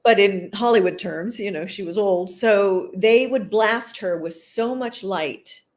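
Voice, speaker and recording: A woman, an actress, being interviewed and chatting casually, telling animated stories and laughing often. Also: mid-range voice, measured pace. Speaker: actress guest.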